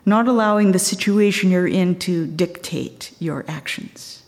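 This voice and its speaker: A woman retelling a true story in an earnest, measured way. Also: lowish voice, darkish tone, big-room sound. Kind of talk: storytelling talk.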